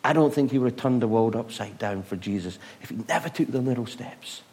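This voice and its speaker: A man preaching a sermon, retelling stories with rhetorical questions, moving between loud bursts and hushed moments. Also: medium pitch, animated, brisk, a little hiss or hum.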